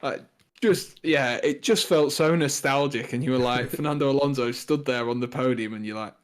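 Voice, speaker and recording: A man's voice: medium pitch, normal speed. A man co-hosting a live stream, talking casually and enthusiastically, with lots of "like". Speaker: co-host.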